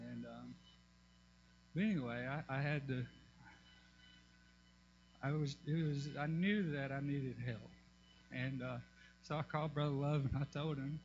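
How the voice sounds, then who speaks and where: A man giving a personal testimony in church, halting, with many fillers and restarts. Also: mid-range voice, gravelly, a little mellow, highs cut off, slight background noise.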